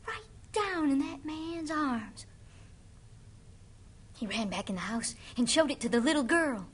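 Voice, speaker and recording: A woman's voice: high voice, lively intonation, a little slow, long pauses. A woman telling a folk tale dramatically, dropping to whispers for suspense. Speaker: storyteller.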